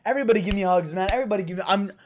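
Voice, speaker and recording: A live game streamer chatting with viewers, excitable and profane, often shouting in disbelief. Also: mid-range voice, rapid-fire, slight background noise. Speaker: livestreamer. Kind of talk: live gaming stream chat.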